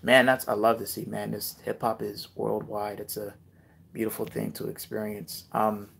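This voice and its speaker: A man's voice: fairly low pitch, level tone, moderate pace, creaky, a bit bright, slight background noise. A man hosting a casual live Q&A, giving rap tips and reading viewer comments aloud with lots of fillers.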